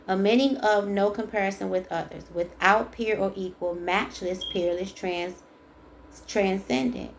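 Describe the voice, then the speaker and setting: Gravelly-voiced woman doing a tarot reading. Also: medium pitch, a little slow, a little hiss or hum. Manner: chatty, emphatic, encouraging, reads aloud and repeats. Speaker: tarot reader. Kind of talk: casual spiritual card reading.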